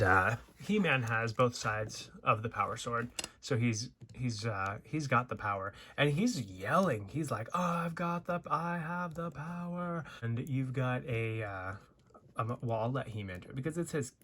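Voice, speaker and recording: A man's voice: mid-range voice, a bit bright, a little hiss or hum. A man giving a casual unboxing commentary at home, rambling and playful with many fillers and restarts, recorded on a phone. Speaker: toy reviewer. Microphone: phone camera.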